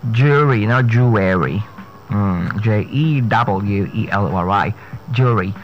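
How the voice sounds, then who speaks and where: A man hosting a radio pronunciation lesson, spelling words out letter by letter and repeating each one slowly and carefully. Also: lowish voice, lo-fi sound, slight background noise.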